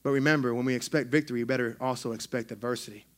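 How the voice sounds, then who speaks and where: A man, a pastor preaching a sermon in a church in an excitable, conversational way with frequent restarts. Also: medium pitch, very fast. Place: church sanctuary.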